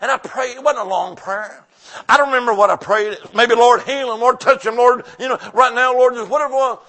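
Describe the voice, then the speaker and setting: A male preacher delivering a revival sermon, calling out to the congregation and telling a healing story, shifting between shouted exclamations and hushed narration. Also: very high-pitched, fairly quick. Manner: exuberant, call-and-response, drops to soft storytelling.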